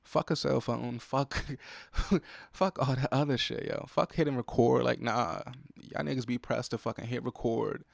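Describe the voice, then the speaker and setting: On his solo podcast, a young man complains irritably and profanely about what upsets him in a casual monologue. His mid-range voice is creaky and unhurried, with fairly even intonation, captured on a close podcast mic with studio quality and no echo.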